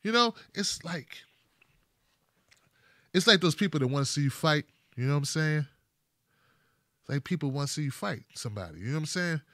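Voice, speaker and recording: A man hosting his own show, delivering a comedic rant in animated, slangy storytelling. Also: a little high, brisk, pauses often, no echo, studio quality. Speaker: host.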